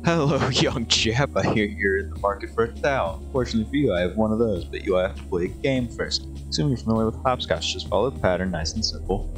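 A man's voice: fairly low pitch, fast, hardly any pauses, faint music behind, natural voice. A man voicing a chipper figure in a game who speaks with old-fashioned politeness. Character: jolly man offering a hopscotch game.

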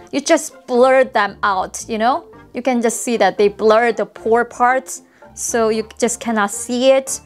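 A young Korean woman with a Korean accent, reacting in a casual vlog with exclamations, laughs and mocking commentary. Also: a little high. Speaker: YouTuber.

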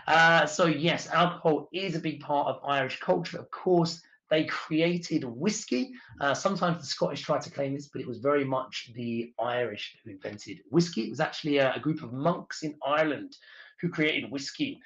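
A man's voice: on the high side, normal speed, fairly bright tone. An English man, a tour leader, giving a chatty, explanatory talk about travel in a webinar. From England. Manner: chatty and explanatory, with filler uhs. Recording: dull lo-fi sound.

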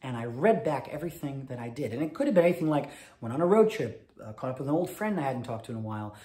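Fast-talking man chatting between songs. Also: medium pitch, sing-song. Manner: chatty, rapid, warm storytelling with fillers. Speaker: cabaret singer. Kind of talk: stage patter between songs. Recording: roomy sound over loud piano.

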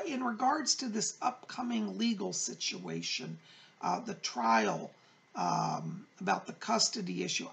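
Man, psychic show host, casual chat, effusive, very gravelly, lively pitch. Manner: chatty and effusive, with pet names for viewers.

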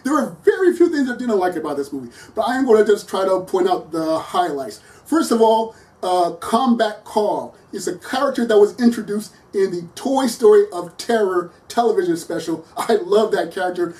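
A chatty film reviewer with a mellow, warm tone, laughing often and trailing into thinking-aloud fillers. The voice sits a little back from the microphone, giving a slightly distant, home-recorded feel. Earnest and conversational throughout. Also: medium pitch. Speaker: movie reviewer. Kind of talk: casual movie review monologue.

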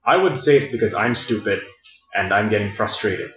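Guy playing a puzzle game w a friend, kinda low voice, grumbles and swears at himself, echoey room. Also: moderate pace, a bit bright. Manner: frustrated, self-mocking, swears a lot. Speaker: let's play co-host. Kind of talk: casual gameplay chat. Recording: roomy, dull lo-fi sound.

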